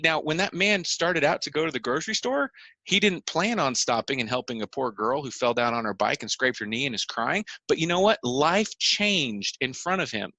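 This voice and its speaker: A man's voice: fairly high pitch, animated, brisk, bright, forceful tone, no echo. A man on a podcast explaining his views earnestly, making his points through repeated phrases and everyday examples. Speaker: podcast co-host.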